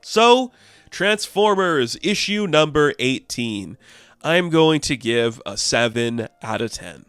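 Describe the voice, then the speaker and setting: Chatty man reviewing comics, smooth voice. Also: on the high side, slow pace, no echo, soft background music. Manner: chatty, filler-heavy, excitable.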